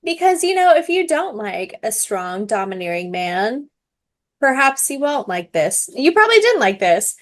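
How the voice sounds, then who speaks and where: Lively young woman, blunt book podcaster. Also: fairly high pitch, moderate pace. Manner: animated, blunt, swears casually. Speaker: podcast co-host. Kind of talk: casual book chat.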